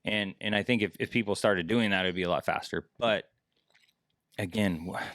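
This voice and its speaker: Deep-voiced laid-back fishing guide. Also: male voice, a bit bright, no room sound, studio quality. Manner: laid-back, chatty, quick to joke. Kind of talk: casual fishing podcast chat.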